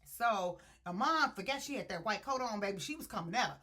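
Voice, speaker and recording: A woman speaking recaps a book for her viewers in loose, chatty slang. Her voice is bright and forceful. She drifts into quick impressions of the characters as she goes. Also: medium pitch. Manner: animated storyteller acting out characters' quotes with slang. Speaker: book reviewer. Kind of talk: casual spoiler-filled plot retelling.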